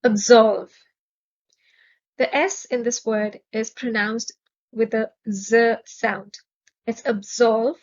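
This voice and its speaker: A woman teaching English vocabulary in a measured, clearly enunciated way, stressing each syllable. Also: fairly high pitch, fairly even intonation, muffled recording. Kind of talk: slow, careful vocabulary lesson.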